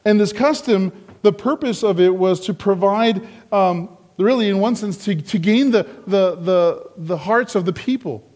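A man preaching an expository sermon, slow and deliberate, growing emphatic when quoting the crowd. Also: high voice, a little mellow. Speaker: pastor.

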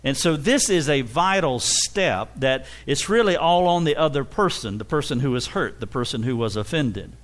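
A man's voice: medium pitch, expressive, normal speed, few pauses. A man preaching a sermon, acting out little dialogues and laughing between points.

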